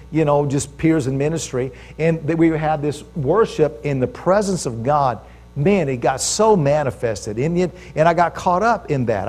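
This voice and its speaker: Animated American preacher, high voice. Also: male voice. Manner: animated storytelling, calls to the congregation. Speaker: pastor. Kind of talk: sermon.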